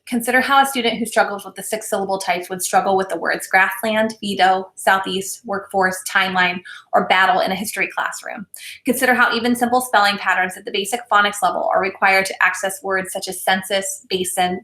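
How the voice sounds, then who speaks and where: A woman presenting a recorded teacher training lesson, speaking in a clear, deliberate, instructional way. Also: medium pitch, pushed and bright, roomy sound. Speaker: literacy presenter.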